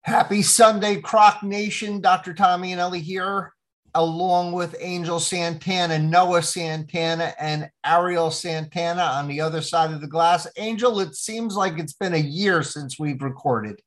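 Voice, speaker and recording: A man's voice: on the high side, steady tone, a little slow. Male podcast host, fifties, easygoing conversational delivery with frequent fillers. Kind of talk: casual podcast chat.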